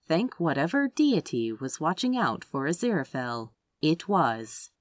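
A woman narrates a story in a somewhat low voice, moving the pitch up and down expressively. The sound is close and dry, with no room around it. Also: unhurried, few pauses, no room sound. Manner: expressive, lively reading. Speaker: audiobook reader.

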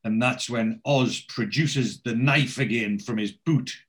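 A man's voice: mid-range voice, a little slow. Chatty man retelling a story. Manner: chatty storyteller, lightly acting out lines. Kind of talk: casual chat, retelling a TV episode.

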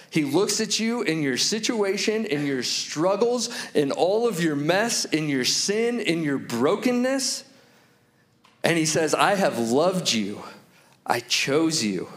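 Man preaching, slightly high voice. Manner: storytelling with slow, emphatic repetitions. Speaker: pastor. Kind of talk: sermon.

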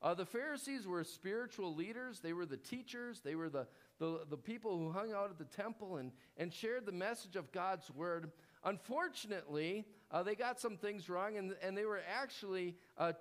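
A male pastor giving a sermon in a conversational style, with fillers and restarts, dropping low and quiet to stress key words.

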